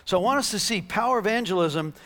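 With a high voice and quick pace, a man delivers a sermon built around a healing story. He's animated throughout, voicing the characters' lines and breaking into laughter.

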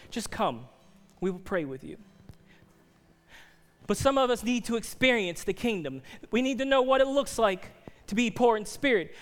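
A man preaching an altar-call sermon, earnest and pleading, sometimes dropping to soft near-whispers. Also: high-pitched, in a large hall. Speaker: pastor.

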